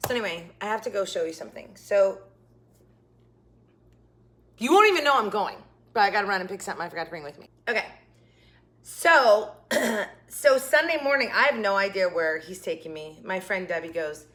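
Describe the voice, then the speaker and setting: A woman's voice: medium pitch, lively intonation, brisk, long pauses, a bit bright. A woman hosting a craft vlog, telling a rambling story in a chatty way and sounding exhausted. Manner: rambling, talkative, many asides. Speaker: craft channel host.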